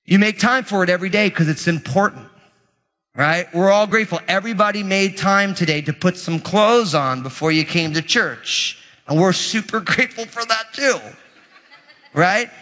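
Pastor, male, high voice, energetic humorous sermon, big church reverb. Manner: energetic, humorous, conversational preaching. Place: church sanctuary. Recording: muffled audio with long hall reverb.

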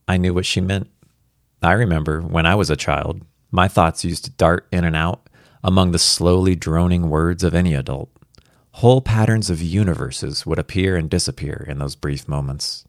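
A man reading a first-person story aloud as a worried father, in an earnest, reflective and quietly anxious way. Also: sits low, normal speed, dry recording, studio quality.

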